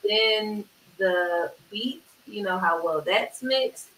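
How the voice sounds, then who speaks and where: A woman, a music producer, chatting casually in an interview, agreeable and quick to chime in. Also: medium pitch, a bit bright. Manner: agreeable, talks in quick bursts, many "yeah"s. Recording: roomy, distant mic with faint hiss.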